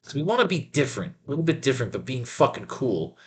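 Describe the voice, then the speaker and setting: A comic book writer talking loosely through his ideas, swearing casually and jumping from thought to thought. His voice swings widely up and down, and he sits at an ordinary middle pitch for a man. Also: quick pace, breathy edge. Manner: animated, profane, loose. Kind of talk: reading a cartoon aloud and riffing.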